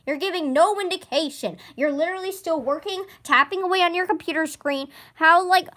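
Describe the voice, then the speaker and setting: A woman's voice: brisk, fairly bright tone. A teenage girl ranting casually about a teacher, exasperated and sarcastic. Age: teens. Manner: exasperated, sarcastic, mimics others in low mocking voices. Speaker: student ranting.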